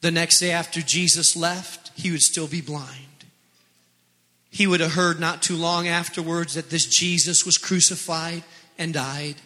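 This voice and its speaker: A man's voice: a little high, steady tone, a little slow, sharp tone. A man preaching a sermon as pastor, impassioned and repeating his phrases. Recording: long echo of a large hall.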